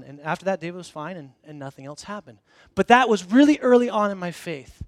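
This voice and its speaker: A man with a high voice preaches to his congregation in a loose, conversational way, circling back on his words and restarting sentences. He leans on wry, self-deprecating humor as he tells stories. The sound is close and dry, with almost no room echo. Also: animated, brisk. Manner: casual storytelling with frequent restarts. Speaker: pastor. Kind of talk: conversational sermon. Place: church hall before a congregation.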